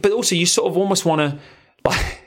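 A man co-hosting a podcast in a studio, a relationship coach who talks in an animated, playful and crude storytelling way. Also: high-pitched, a little fast. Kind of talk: casual podcast chat. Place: recording studio.

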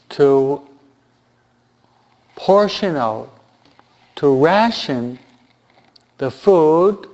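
A man's voice: fairly high pitch, a little mellow. A man giving informal Bible teaching who asks his listeners rhetorical questions and repeats key points for emphasis. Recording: dull lo-fi recording.

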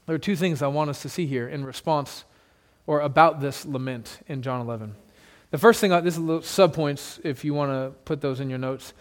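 A male pastor preaching a sermon to his church, shifting dramatically between loud emphasis and hushed, soft passages. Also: fairly high pitch, normal speed, long reverb tail. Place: church sanctuary with congregation.

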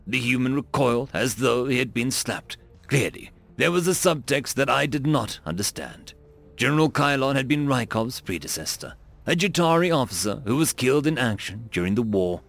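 A man narrating a science fiction story in first person with expressive storytelling. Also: medium pitch, moderate pace, creaky. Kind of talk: scripted narration of a sci-fi story. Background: faint music.

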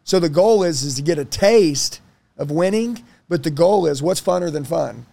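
Gravelly guy in his 30s, kinda high voice, blunt and animated, swears a lot. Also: normal speed, no echo. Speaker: guest. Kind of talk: casual interview storytelling.

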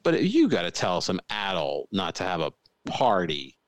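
A man's voice: low voice, wildly swooping pitch, normal speed, dry recording. A man co-hosting a podcast, making wry, dry remarks in casual chat. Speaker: podcast co-host.

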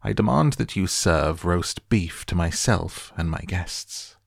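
Guy doing scratchy gravelly villain count, bossy and theatrical, deep slow drawl, audiobook. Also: dry recording, clean studio sound, heavily acted. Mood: menacing. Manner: theatrical, bullying demands. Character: scheming villainous count, adult man, menacing. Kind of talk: audiobook character voice.

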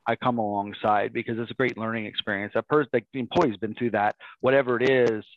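A man speaking as a guest in a casual interview, telling lively stories about running his business. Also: medium pitch, fast, dry recording, highs cut off. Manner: animated storytelling, acts out customers and staff.

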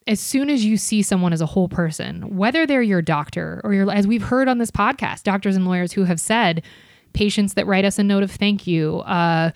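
A woman telling bartending stories as a guest in a casual podcast chat, animated, with quick asides. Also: on the low side, no room sound, studio quality. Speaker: podcast guest, bartender and comedy club server.

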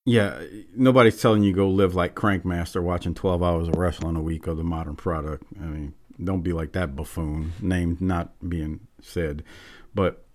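A man's voice: deep voice, steady tone, normal speed, hardly any pauses. A man co-hosting a podcast in casual chat, skeptical and stumbling over repeats. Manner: skeptical, argumentative, repeats himself. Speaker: podcast co-host.

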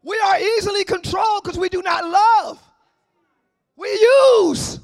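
A man preaching a sermon as pastor, often shouting. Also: extremely high pitch, a little slow, no echo, clean studio sound. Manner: shouting, sing-song preaching with call-and-response. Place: church service, before a congregation.

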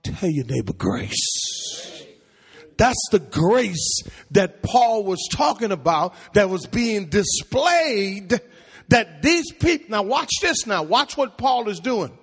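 A man's voice: sits high, very animated, takes it slowly, fairly bright tone, slightly rough. A man preaching a call-and-response sermon in a church, calling questions to the congregation for them to answer. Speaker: pastor. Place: church sanctuary. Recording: long hall reverb.

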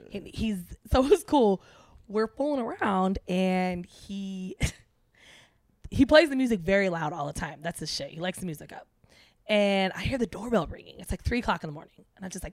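A woman's voice: mid-range voice, normal speed, dry recording, clean studio sound. A woman podcast host telling a wild story in casual, profane chat, acting out the people in it. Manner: animated, profane, acts out voices.

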